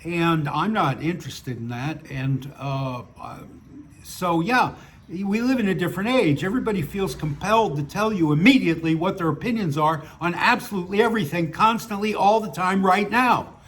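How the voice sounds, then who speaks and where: A man's voice: high-pitched, normal speed, fairly bright tone. A man reading his own stories aloud and chatting between them, with dry, wry humor and a grumbling edge. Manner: opinionated grumbling. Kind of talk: casual monologue and story reading.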